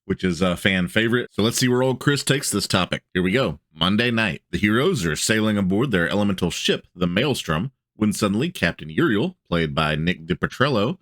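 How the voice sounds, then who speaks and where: Laid-back male host, deep voice, reading and commenting, close dry mic. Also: animated, brisk, hardly any pauses, fairly bright tone, no echo. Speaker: tabletop game channel host. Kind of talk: reading a blog aloud with casual commentary.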